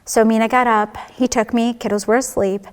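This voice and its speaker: A woman's voice: fairly high pitch, fairly even intonation, a little fast, clear, resonant tone, big-room sound. A woman giving a personal testimony at church, telling her story candidly and acting out the dialogue.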